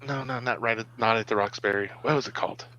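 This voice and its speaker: A man's voice: mid-range voice, steady tone, fast talker, pushed and bright, no echo, lo-fi sound. A middle-aged man co-hosting a live web show, chatting casually and acting out what his kids say. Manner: storytelling, acts out quotes from his kids. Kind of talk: casual live-stream chat.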